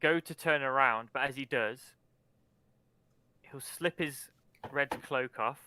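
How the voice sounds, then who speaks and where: A man's voice: medium pitch, slow pace, bright, forceful tone, clear, resonant tone, dry recording. A man playing a character at a tabletop game, hesitant and apologetic with stammered restarts. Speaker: player.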